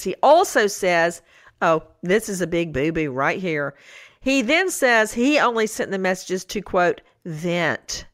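A woman's voice: medium pitch, no echo, clean studio sound. A middle-aged woman co-hosting a podcast, telling stories with incredulous outbursts. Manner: storytelling, quoting her kids with incredulous outbursts. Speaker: co-host. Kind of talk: animated true-crime podcast chat.

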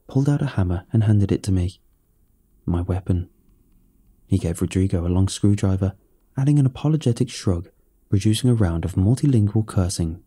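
A man's voice: lowish voice, dark tone, husky. A man narrating a first-person story in a tense, hard-boiled way.

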